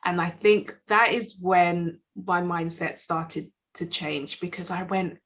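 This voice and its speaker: A woman's voice: fairly low pitch, takes it slowly, a bit bright. A British woman guest speaking in a candid, reflective way in a casual discussion.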